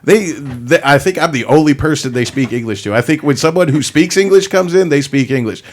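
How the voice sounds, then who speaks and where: A man's voice: a little high, animated, fairly quick. A man co-hosting a talk radio show, explaining his points steadily in casual conversation and laughing easily. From Florida. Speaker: radio co-host.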